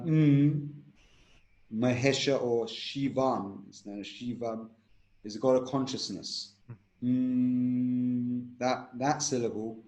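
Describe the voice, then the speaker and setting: In an instructional conversation, a man of medium pitch and slightly mellow tone guides someone through a breathwork method, explaining each step and chanting tones as examples. A roomy echo surrounds his voice.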